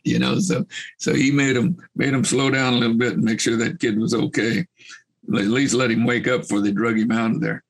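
An older man telling folksy, rambling anecdotes as a guest. He laughs at his own tales and fills pauses with fillers. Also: medium pitch, creaky, breathy edge, low-quality recording.

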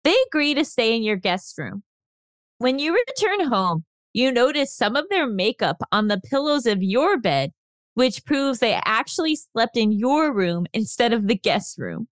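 A woman co-hosting a chatty podcast, her mid-pitched voice rising and falling expressively as she moves the show along. The sound is close and dry. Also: very animated, a little slow, no echo. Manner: upbeat, runs the segments, reads listener questions. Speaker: podcast co-host. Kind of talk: casual chat.

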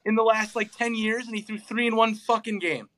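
A man's voice: high voice, fairly even intonation, fairly quick, fairly bright tone. A young man co-hosting a casual sports chat, ranting in an exasperated way and swearing often. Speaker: podcast co-host.

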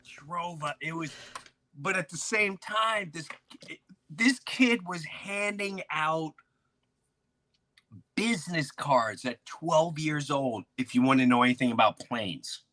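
A man hosting a podcast, telling neighborhood stories in a loose, animated way, with lots of false starts. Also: on the high side, slow pace. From grew up in a city neighborhood near an airport. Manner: animated, with many restarts and acted-out quotes. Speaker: podcast host. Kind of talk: casual storytelling chat.

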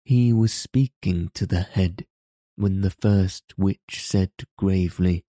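Slow, deep-voiced male storyteller. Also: fairly even intonation, warm tone, no room sound. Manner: slow, measured. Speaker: narrator. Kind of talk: storybook reading.

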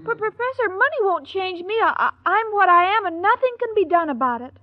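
A woman's voice: very high-pitched, expressive, a little fast, slight background noise. An actress playing a naive, scatterbrained young woman in a 1940s radio sitcom, earnest and sweet. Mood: innocent. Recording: dull old radio recording.

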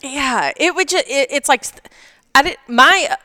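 A woman co-hosting a podcast tells stories with lots of animation during casual chat, acting out what people said. Her voice is high and her pace measured. The studio sound is clean with no room sound.

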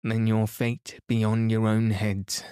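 A man voicing a grown male herald who shouts a formal summons, in a bedtime storybook reading. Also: lowish voice, level tone, slow, clean tone, no room sound, studio quality. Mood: stern.

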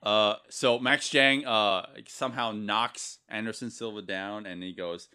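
A man's voice: fairly low pitch, a little slow, hardly any pauses, bright, forceful tone, smooth. A man co-hosting a casual podcast, mocking a movie with sarcastic, profane remarks and frequent laughs. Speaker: podcast co-host. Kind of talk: casual movie review chat.

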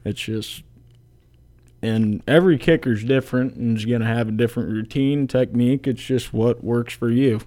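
A man's voice: medium pitch, normal speed, warm tone. A young man in his twenties, a college kicker guest, talking plainly and casually in an interview with lots of fillers. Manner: laid-back, plainspoken, many fillers.

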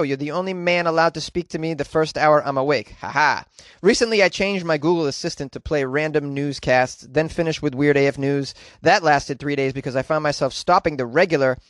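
A man hosts his own podcast alone, joking and rambling as he reads out listener notes. His voice sits a little high and swings up and down a lot. The sound is dry and close, with no room in it. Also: no room sound. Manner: jokey, rambling, breaks into off-key singing. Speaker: podcast host. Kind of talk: casual solo podcast chat.

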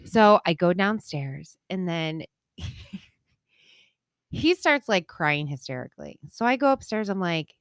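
A woman telling a story in casual chat, animated, swearing freely and acting out the voices. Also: on the low side, a little slow, dry recording, clean studio sound. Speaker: storyteller in a conversation.

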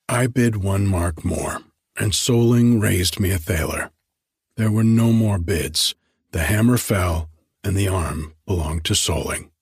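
A man reading a story aloud in a measured, earnest narration. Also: deep voice, slightly rough, no room sound.

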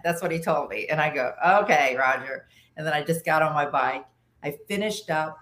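A woman with a low voice tells a story in casual podcast chat. She is animated, restarts her sentences often and acts out what other people said. The room behind her sounds echoey. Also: normal speed. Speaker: podcast guest, long-distance motorcycle rider.

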